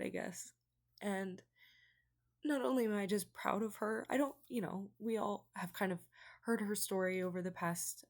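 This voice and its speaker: A young woman talking to camera in a casual vlog, heartfelt and rambling, with lots of fillers. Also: on the low side. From United States. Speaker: vlogger.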